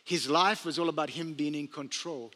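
In a church sanctuary, a male pastor with a fairly high-pitched voice preaches a sermon at a moderate pace, telling stories and animatedly acting out the quotes. A large hall's long reverb fills the recording.

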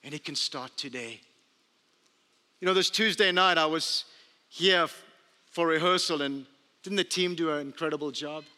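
Pastor guy telling stories in his sermon, kinda high voice, big church reverb. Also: moderate pace, long pauses, slight background noise. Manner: storytelling, animated with acted-out quotes. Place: church sanctuary. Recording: long reverb of a large hall.

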